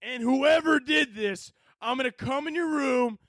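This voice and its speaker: Man playing a frat-boy military officer, shouting, very high pitch, slow drawling delivery, crude and bullying. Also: dry recording, studio quality. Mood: bellowing, crude. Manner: shouted crude drill-sergeant rant.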